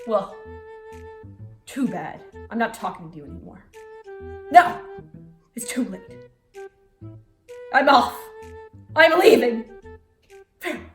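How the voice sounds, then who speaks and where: A petulant, huffy voice, as a woman puts it on, pitched high and slow, swooping with drama. It sounds roomy, with faint music behind. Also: sing-song, fairly bright tone, exaggerated voice.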